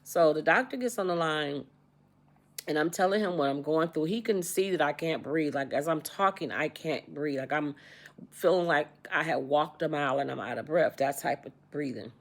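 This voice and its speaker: Her voice sits low and moves at a normal speed as this American vlogger in her sixties recounts a personal story casually, repeating herself and acting out what people said.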